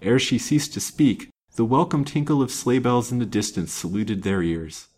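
A man reading a classic romance novel aloud as a storyteller, in a steady, measured way. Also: medium pitch, slightly rough.

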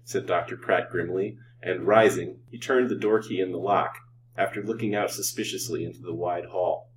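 A man reading a serial story aloud in a measured, dramatic way. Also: sits low, fairly even intonation, distant mic, slight background noise, rough recording.

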